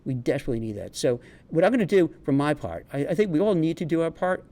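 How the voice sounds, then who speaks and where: A man's voice: a little high, lively intonation, fast talker, mellow. Chatty middle-aged New York man. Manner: chatty, rambling, frequent restarts. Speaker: career advice vlogger and recruiter. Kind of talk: casual homemade vlog monologue.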